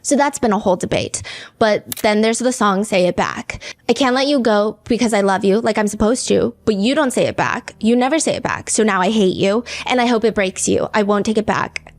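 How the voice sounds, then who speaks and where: A woman's voice: mid-range voice, brisk. Chatty woman podcast host. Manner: chatty, reads lyrics and comments aloud. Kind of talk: casual true-crime podcast chat.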